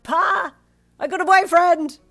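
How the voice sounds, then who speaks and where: During a storybook reading, a woman voices a shy young woman who stammers and gets flustered easily. Her animated, mid-range delivery is pitched above her own voice yet stays close to everyday speech, at a moderate pace over soft background music.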